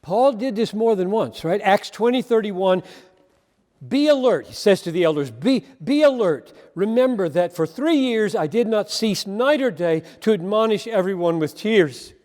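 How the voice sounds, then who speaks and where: A male preacher giving an impassioned, emphatic sermon, swinging between loud emphasis and quiet asides. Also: sits high, expressive, normal speed, big-room sound.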